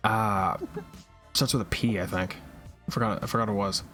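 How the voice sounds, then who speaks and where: A man co-hosting a casual podcast chat, rambling and animated and laughing often. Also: on the low side, normal speed, faint music behind. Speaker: podcast co-host.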